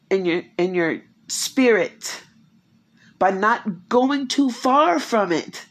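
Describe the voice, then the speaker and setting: A woman's voice: medium pitch, slow pace, vocal fry. Fifty-something woman preaching, emphatic repetition. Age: 50s. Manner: repetitive, emphatic, with rhetorical questions. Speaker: faith speaker. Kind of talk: spiritual encouragement talk. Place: quiet home.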